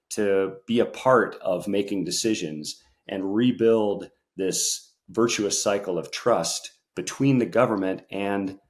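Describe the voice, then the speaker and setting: A man from Central Oregon, a podcast guest, explaining his civic work in a measured way. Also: on the low side, a little mellow. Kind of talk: interview answers.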